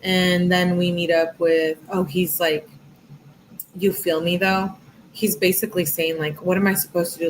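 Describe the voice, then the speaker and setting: A woman's voice: on the low side, little pitch movement, normal speed, a little hiss or hum, rough recording. A woman reading text messages aloud in a casual, sarcastic way, adding her own asides. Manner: casual, sarcastic asides, reads with rising emphasis. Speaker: true crime commentator.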